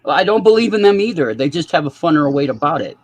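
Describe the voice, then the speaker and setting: A man's voice: on the high side, very animated, fast talker. Rambling, profane male livestream host. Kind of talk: casual livestream chat.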